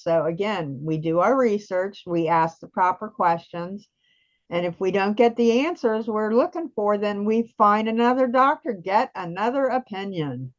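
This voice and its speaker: A middle-aged woman on a video call, telling her own patient story in an earnest, plain-spoken way with some fillers. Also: mid-range voice. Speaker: guest sharing patient story. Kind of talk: conversational storytelling. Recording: dull lo-fi call audio.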